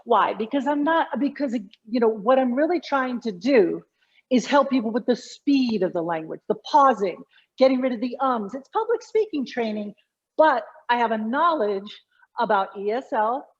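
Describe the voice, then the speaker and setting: A woman's voice: on the high side, expressive, normal speed, slightly rough, muffled recording. A middle-aged woman, a communication coach, explaining her work animatedly in an interview, often restarting her sentences. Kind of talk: conversational interview.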